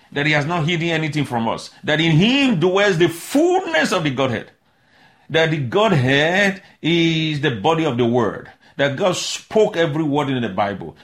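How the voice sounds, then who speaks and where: A man preaching a sermon, reading scripture slowly and emphatically, his voice rising on key phrases. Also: medium pitch.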